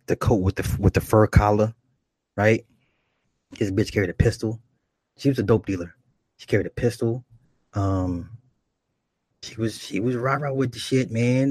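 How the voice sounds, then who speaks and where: Husky-voiced man telling crude stories. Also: fairly low pitch, a little mellow, dry recording. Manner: loose, profane, laughing asides. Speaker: comedic storyteller. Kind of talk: profane comic storytelling.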